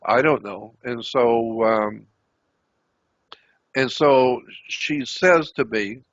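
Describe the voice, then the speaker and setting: A man's voice: mid-range voice, very slow, no echo. An older man telling a story at length, repeating himself as he recounts what was said to him. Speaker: interview guest. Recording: dull lo-fi recording.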